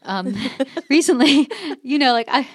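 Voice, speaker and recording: A woman in her forties telling stories in a casual chat as a podcast guest, animated and acting out quotes with frequent laughter. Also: sits high, measured pace, no echo, clean studio sound. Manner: animated storyteller, acts out quotes, laughs often.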